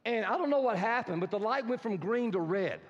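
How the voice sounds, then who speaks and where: High-voiced pastor preaching in a hall. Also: male voice, brisk. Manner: animated, mimics complainers, humorous asides. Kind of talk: sermon. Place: church hall. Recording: reverberant hall, dull sound.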